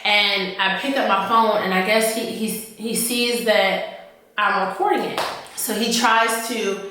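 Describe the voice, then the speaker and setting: A woman officer telling a personal story in a halting, earnest way, often repeating herself. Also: mid-range voice, fairly even intonation, sharp tone, slight background noise. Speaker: army officer recounting her experience. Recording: echoey room, voice from off-mic.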